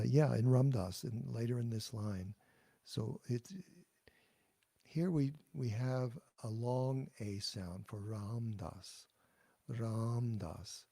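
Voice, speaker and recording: A man teaching pronunciation in a patient, explanatory way, saying each phrase and then pausing for the listener to repeat. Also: mid-range voice, vocal fry, mellow, husky. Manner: slow, patient and explanatory, demonstrating words then pausing for repetition. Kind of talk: pronunciation lesson, call and response.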